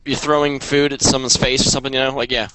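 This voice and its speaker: A man's voice: mid-range voice, level tone, fast, noisy background. A man hosting a casual skateboarding podcast over a video call, rambling and talking over the others. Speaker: podcast host.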